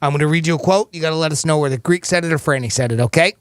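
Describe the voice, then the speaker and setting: A man's voice: fairly high pitch, very fast, clear, resonant tone, no room sound. Jokey male radio host, dry mic. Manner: jokey, laughs often. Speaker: radio show host running a giveaway. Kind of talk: joking radio banter.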